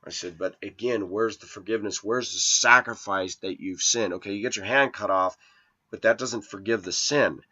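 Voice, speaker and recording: A man's voice: fairly low pitch, normal speed, sharp tone, husky, muffled recording. A man in his forties telling a rambling personal story in an indignant, preachy way to his viewers. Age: 40s. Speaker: vlogger.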